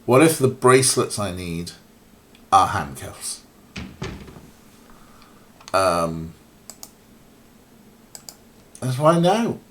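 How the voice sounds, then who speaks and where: A man's voice: on the low side, sing-song, very slow, long pauses, fairly bright tone, a little hiss or hum. A young man streaming an old adventure game, giving sarcastic, swearing commentary. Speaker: let's play streamer. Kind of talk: casual gameplay commentary.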